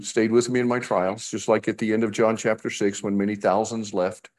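A man's voice: lowish voice, level tone, a little fast, darkish tone. A man preaching a sermon in a conversational way, acting out the scripture he quotes.

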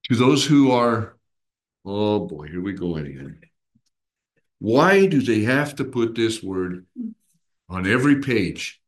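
Low-voiced man teaching a Bible study. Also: slow, pauses often. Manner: animated, acts out voices and expressions while explaining; asks the listeners questions and draws them in. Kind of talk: conversational Bible teaching to a small group.

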